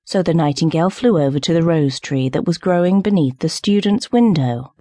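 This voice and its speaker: Brief: woman narrator, low mellow voice, calm storybook reading, dry close mic. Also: a little fast, no room sound. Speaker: audiobook narrator.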